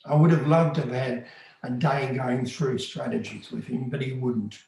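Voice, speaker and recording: A man's voice: mid-range voice, steady tone, normal speed, gravelly, darkish tone. Man, first-person storyteller, conversational, earnest, very echoey room. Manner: earnest, conversational, plain-spoken. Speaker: storyteller recounting undercover work.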